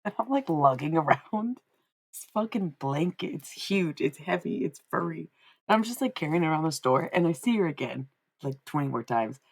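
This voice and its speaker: A woman streamer chatting casually at home, telling a funny story with laughs, swearing, and quoted lines in put-on high voices. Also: animated, moderate pace, breathy edge, no room sound.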